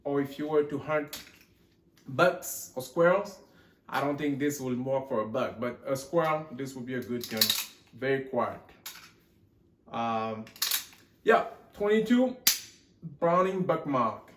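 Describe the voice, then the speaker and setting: A man's voice: medium pitch, a little slow, background noise. A man hosting a gun collection vlog in a rambling, joking way, putting on a mixed Texan and Australian accent. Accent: put-on mixed Texan and Australian. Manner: rambling, joking, loses count. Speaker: gun channel host. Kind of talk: casual show-and-tell vlog. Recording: echoey room.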